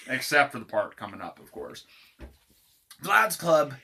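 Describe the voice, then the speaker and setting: A man casually reading his own dark comic aloud, irreverent and swearing, chuckling between lines. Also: fairly low pitch, sing-song, normal speed, slightly rough.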